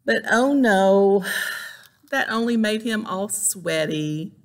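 A woman reading a picture book aloud to children as a librarian, animated, exclaiming and making sound effects. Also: medium pitch, slow.

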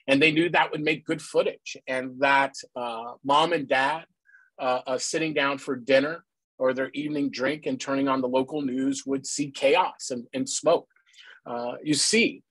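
A man speaking earnestly at a public panel, often pausing on "uh" and checking in with "right?". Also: mid-range voice, fairly bright tone, breathy edge, no echo, poor audio. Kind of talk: public talk. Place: based in the Pacific Northwest.

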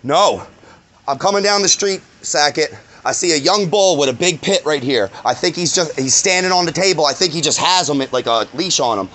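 A man's voice: fairly high pitch, lively intonation, normal speed, pushed and bright. A shaken, angry man swears a lot as he recounts a dog attack outdoors in a parking lot, filming himself on a phone. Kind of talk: agitated first-person retelling.

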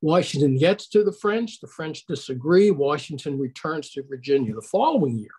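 A man's voice: a little high, animated, normal speed, dark tone, husky. An older man giving a conversational online history lecture over a video call, putting questions to his audience.

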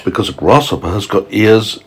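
A man's voice: lowish voice, brisk, breathy edge. A father reading a children's book aloud at home, patiently stopping to explain words to his child.

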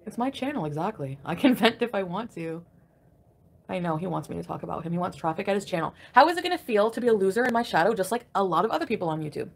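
A woman at home on a live stream, irritated and crabby. Her voice sits at an ordinary middle pitch, and she swings from low grumbles to loud, swearing outbursts as she vents. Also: expressive, fast, vocal fry. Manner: angry, profane venting with sharp loud outbursts. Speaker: livestreamer. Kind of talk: ranting live stream chat.

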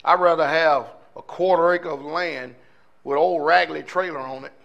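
A man's voice: a little high, fairly even intonation, moderate pace, creaky, fairly bright tone, lo-fi sound. A male pastor preaching a sermon in a fiery, conversational way, firing off rhetorical questions to his congregation.

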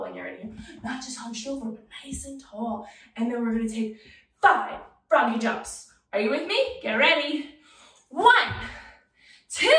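A young woman teaching a children's yoga class, playful and sing-song, encouraging the kids. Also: sits high. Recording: very echoey room, voice from a distance.

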